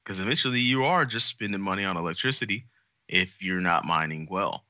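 A low-voiced man chats on a podcast with lots of energy, joking, cussing and hamming up his points. His voice has a very bright, forward edge. The sound is dry and a little muffled. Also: brisk, no echo. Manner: animated, jokey, swears freely. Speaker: podcast co-host. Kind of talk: casual podcast chat.

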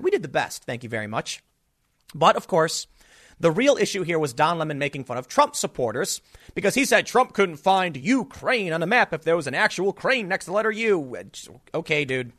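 A man's voice: a little high, fairly bright tone. A man giving a sarcastic, mocking political commentary monologue.

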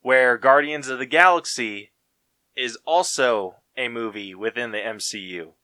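Male podcast co-host, unhurried slangy rambler, dry close mic. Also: medium pitch, pushed and bright, dry recording. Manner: rambling, laid-back, full of fillers and slang. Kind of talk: casual chat.

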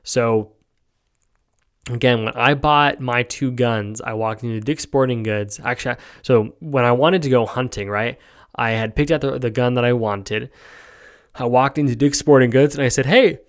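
A man's voice: mid-range voice, moderate pace. A man hosting a podcast, talking through his opinions in a rambling way, with lots of fillers and a habit of asking "right?". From United States. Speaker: podcast host. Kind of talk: casual opinion monologue.

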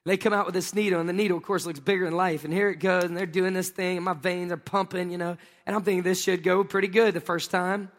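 A male pastor giving a sermon, telling funny personal stories in an animated, playful way and acting out scenes with exclamations. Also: high-pitched, quick pace, hardly any pauses. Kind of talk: sermon with humorous personal storytelling. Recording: long reverb of a large hall.

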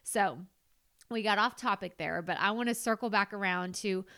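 Woman podcast host, smooth clear voice, heartfelt, chatty, filler words. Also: mid-range voice, normal speed, fairly bright tone. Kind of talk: casual solo podcast talk.

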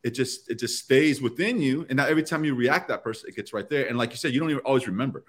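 A man's voice: mid-range voice, very fast. A man who is a podcast guest, explaining step by step in casual round-table talk and often slipping into short acted-out bits of dialogue.

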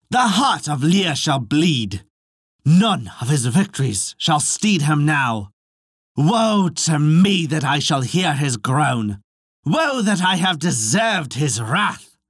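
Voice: mid-range voice, slightly rough, no echo, clean studio sound, heavily acted. A narrator reading a vengeful enchantress chanting a curse. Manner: chanting, prophetic, slow and solemn.

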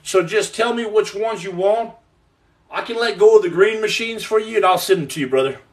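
An American man hosts a casual livestream podcast, reading viewer comments aloud and joking about them. His voice is notably high for a man and fairly quick as he rambles cheerfully and hands out playful nicknames.

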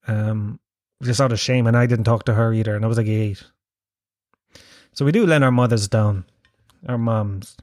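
A man's voice: medium pitch, dry recording, clean studio sound. An Irish man with a Kerry accent, telling a rambling, self-mocking story and swearing freely. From Ireland. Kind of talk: storytelling monologue.

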